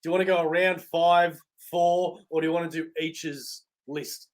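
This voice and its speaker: Aussie guy hosting a chatty podcast, high voice, hamming up the intros. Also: fairly even intonation, normal speed. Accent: Australian. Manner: playful, showman-like introductions. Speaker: podcast host. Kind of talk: casual podcast chat.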